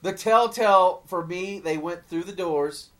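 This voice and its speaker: A man's voice: sits high, measured pace. A man in casual podcast chat, telling stories with energy, acting out quoted lines and swearing freely. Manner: animated storyteller, acts out quotes, swears.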